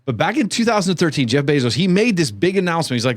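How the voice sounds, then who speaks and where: A man co-hosting a podcast in casual comedic chat, rambling and interrupting himself with quick asides. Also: fairly high pitch, sing-song, no echo, studio quality. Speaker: podcast co-host. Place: co-working space.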